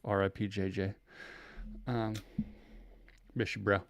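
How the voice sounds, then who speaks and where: A man's voice: on the low side, little pitch movement, takes it slowly, creaky, highs cut off. A man in his thirties hosting a podcast from home, talking in a loose, rambling way, restarting his sentences and swearing casually. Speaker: podcast host. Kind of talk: casual chat. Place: home room.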